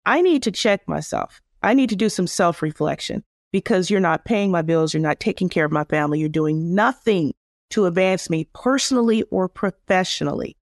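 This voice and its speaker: Assertive lower-voiced woman guest. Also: normal speed, no echo, studio quality. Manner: assertive, emphatic, preachy. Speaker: guest, HR consultant. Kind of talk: interview answers.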